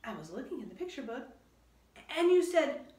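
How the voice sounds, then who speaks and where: A woman's voice: sits high, very animated, moderate pace, dark tone, far from the mic, voice pushed up. A woman doing a cautious, bookish young boy. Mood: worried. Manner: worried, doubtful. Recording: roomy echo.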